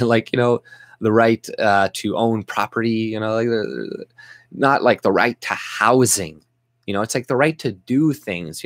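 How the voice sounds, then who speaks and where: Young Canadian man, exasperated vlog ranter, profane, rambling, lowish voice. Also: fairly bright tone, no room sound. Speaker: vlogger. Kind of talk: angry political rant.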